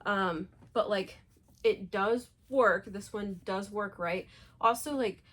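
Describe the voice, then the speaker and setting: A woman's voice: mid-range voice, slow, a bit bright. A woman hosting a sewing vlog and chatting casually, exasperated and laughing at her own mistakes. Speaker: sewing vlogger. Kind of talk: casual chat.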